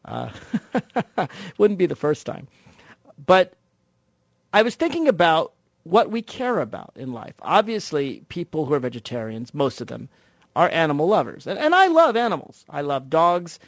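A man hosting a talk show, delivering an animated monologue full of rhetorical questions. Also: a little high, normal speed, gravelly, dry recording. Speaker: radio talk show host.

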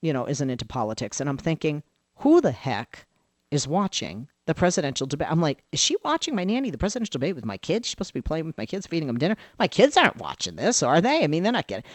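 A woman political commentator, a guest on a radio talk show, telling an animated story and acting out the dialogue she quotes. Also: low voice, quick pace, no room sound.

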